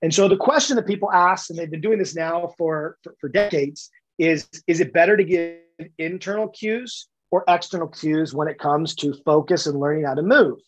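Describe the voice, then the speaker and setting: A man with a fairly high voice, speaking at normal speed, appears as a podcast guest in an explanatory interview. He lays out coaching ideas emphatically, almost like a lecture, and repeats words for stress.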